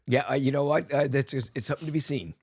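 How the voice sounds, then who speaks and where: A man co-hosting a podcast, telling stories in a rambling, halting way. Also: medium pitch, slightly rough, dry recording, studio quality. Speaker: co-host. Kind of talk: casual chat.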